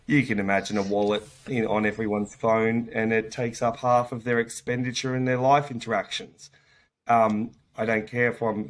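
A man hosting a casual interview who talks in a measured, explanatory way and readily agrees with his guest. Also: lowish voice. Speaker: host, interviewer.

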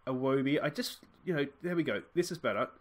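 A man's voice: mid-range voice, quick pace. Chatty Australian man commentating his game. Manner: chatty, thinks aloud, bursts into excited shouts at goals. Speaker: let's play host. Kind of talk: casual gameplay commentary.

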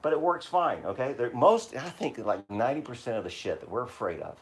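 A man's voice: mid-range voice, sing-song, a little fast, a little hiss or hum. A middle-aged man hosting a live stream, talking casually and bluntly, swearing and joking as he explains his boat work.

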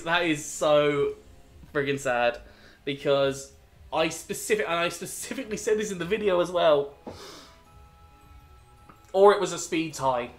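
A man in a slightly raised register narrates his game battle live, reasoning through each move out loud. When things go wrong he bursts into disbelieving outcries and blames himself. A soft music bed plays underneath. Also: on the high side. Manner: thinks aloud, self-critical, flares into exasperated outbursts. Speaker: gaming video host.

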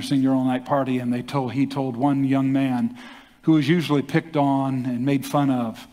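An older man, a pastor, telling a story in a sermon with animated delivery and acted-out quotes. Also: medium pitch. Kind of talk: sermon testimony. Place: church hall. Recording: long hall reverb.

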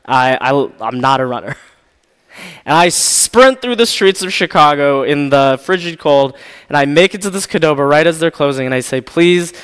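A man's voice: fairly high pitch, animated, normal speed, a bit bright, clean tone. A man preaching a sermon, telling a personal story in a candid, self-deprecating way with frequent laughs. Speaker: pastor. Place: church sanctuary. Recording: long reverb of a church hall.

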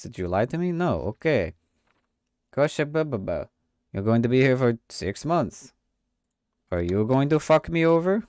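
A man's voice: mid-range voice, darkish tone, clear, resonant tone, no echo. A man streaming a game, joking in a mock-official inspector voice with a put-on accent and swearing. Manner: puts on a mock foreign accent. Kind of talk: comedic let's play commentary.

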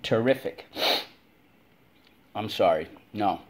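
A man's voice: on the low side, takes it slowly, a little mellow. A man teaching a spelling lesson to kids, drilling words in call-and-response and stretching them out syllable by syllable.

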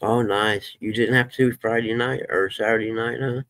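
A man's voice: lowish voice, steady tone, moderate pace, fairly bright tone, no echo. A man casually chatting with viewers on a live stream, folksy, and swearing when he gets fired up.

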